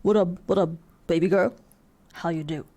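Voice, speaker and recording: A woman voicing a swaggering, flirty deep-voiced guy with a slow, teasing drawl and a gravelly edge. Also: warm tone, lightly acted.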